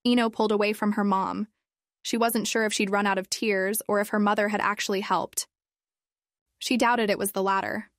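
Woman narrating a fanfic, expressive, mid pitch, close dry mic. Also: fairly quick, no echo. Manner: expressive reading. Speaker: fan fiction reader. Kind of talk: reading fan fiction aloud.

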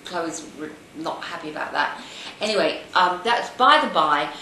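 Bright-voiced British woman chatting over tea. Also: deep voice, normal speed, roomy sound, slight background noise, poor audio. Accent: British English. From Britain. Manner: animated, gossipy, drifts into silly put-on voices. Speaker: vlogger hosting a tea-and-chat show. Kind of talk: casual chatty monologue.

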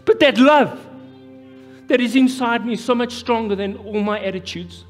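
A man's voice: very high voice, moderate pace. A South African pastor with an Afrikaans-tinged accent preaching a live sermon, impassioned and repeating his phrases. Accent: South African, Afrikaans-influenced. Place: church hall. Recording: live church hall reverb with music.

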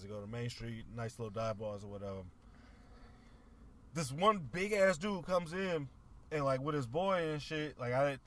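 Podcast co-host, male, slightly higher voice, loose slangy storyteller who swears freely. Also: a bit bright. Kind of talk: casual chat.

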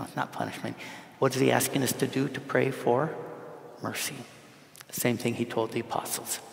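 A man's voice: medium pitch, gravelly. A male priest giving an informal homily at Mass, talking conversationally, repeating himself and asking the congregation questions. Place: large church. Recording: echoey church with long reverb.

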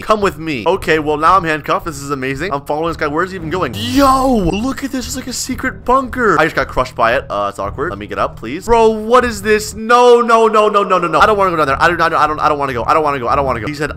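A man doing jittery, excitable role-play commentary over a game, repeating himself as he reacts. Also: on the high side. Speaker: Roblox YouTuber.

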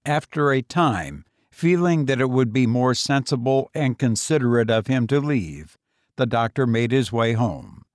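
A man reading a short story aloud as an audiobook narrator, measured and deliberate. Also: medium pitch, lively intonation, no room sound, studio quality.

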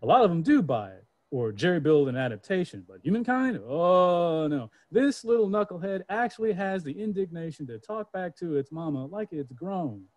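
A man's voice: sits high, big pitch swings, normal speed, hardly any pauses, a little mellow, no echo, highs cut off. A man reading his speculative poetry aloud with dramatic, rhythmic delivery. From Georgia, US. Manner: dramatic, rhythmic recitation with character voices. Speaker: poet.

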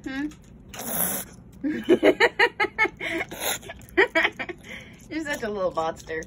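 A woman's voice: lowish voice, unhurried, slight background noise. A woman talking to her pet genet in teasing, coaxing baby talk. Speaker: exotic pet owner.

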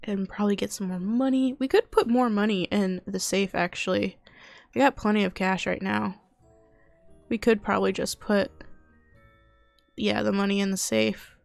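A woman's voice: mid-range voice, steady tone, moderate pace, creaky, long pauses, no room sound, faint music behind. A young woman casually commenting on her video game as she plays, chatting to her characters and muttering to herself. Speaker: gaming youtuber. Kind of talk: casual let's-play commentary.

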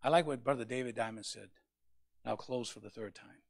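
A male pastor preaching a sermon, with passionate rises to loud peaks. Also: mid-range voice, brisk, creaky, no echo, studio quality.

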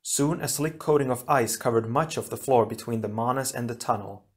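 A man narrating an action storybook in a steady, even reading voice. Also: mid-range voice, brisk. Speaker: audiobook reader.

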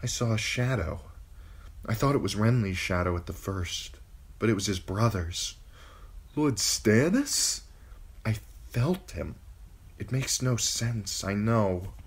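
A man's voice: fairly low pitch, expressive, slow, husky, pitched above the performer's own voice, full character voice. A man voicing a noble widowed lady who gives urgent, commanding orders in a raised voice. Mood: hushed.

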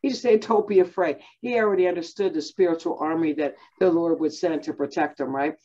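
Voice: mid-range voice, fast talker, warm tone, lo-fi sound. A Bible teacher giving a conversational lesson, talking in a chatty way with many fillers and self-restarts.

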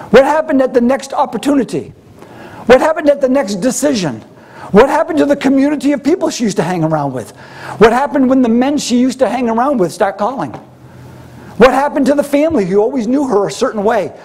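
A man's voice: very high voice, a little mellow, slightly rough. A man preaching a sermon, asking his listeners rhetorical questions and repeating key phrases for emphasis. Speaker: pastor.

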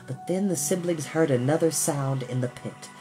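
A man reading a children's novel aloud, expressive and doing voices for the characters. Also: a little high, moderate pace, soft background music. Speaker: storyteller.

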